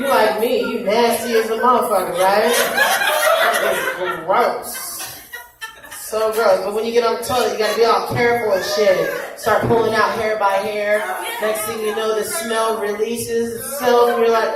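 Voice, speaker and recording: A woman's voice: mid-range voice, steady tone, moderate pace. Brash woman comic in echoey club. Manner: brash, crude, conversational. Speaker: stand-up comedian. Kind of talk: stand-up comedy set. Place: comedy club stage. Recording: echoey club from far off, noisy. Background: audience laughter.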